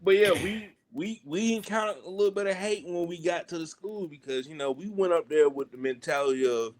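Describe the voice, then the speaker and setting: Animated Southern man telling stories. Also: sits high, brisk. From Southern United States. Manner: animated, laughing storyteller with quoted voices. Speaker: podcast guest. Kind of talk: casual storytelling.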